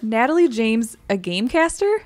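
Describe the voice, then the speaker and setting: A woman's voice: a little high, very animated, normal speed, a little mellow, a little hiss or hum. A woman co-hosting a casual podcast, reading tweets aloud with frequent giggles. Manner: giggly, reads with laughter. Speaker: podcast co-host.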